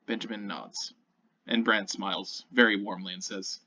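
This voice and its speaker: A man narrating a tabletop game as game master, descriptive and animated, with occasional self-corrections, on a muffled lo-fi recording. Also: on the low side, normal speed.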